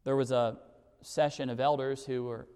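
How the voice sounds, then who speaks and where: A man preaching a sermon, moving between loud pleading and quiet intensity, sometimes mocking the speakers he quotes. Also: mid-range voice, level tone, normal speed, smooth, long reverb tail. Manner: mocking put-on voices for quoted figures. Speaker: pastor.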